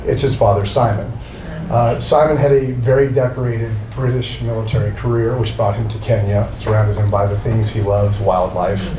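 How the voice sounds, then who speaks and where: A man's voice: fairly low pitch, fairly even intonation, moderate pace, mellow. A man gives a rambling, heartfelt introduction, joking at his own expense as he goes. He sounds set back from the microphone in a roomy hall. Background noise runs steadily underneath him. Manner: rambling, self-deprecating, emotional. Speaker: art dealer introducing a speaker. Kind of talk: live introduction speech. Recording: roomy, distant from mic, with noise.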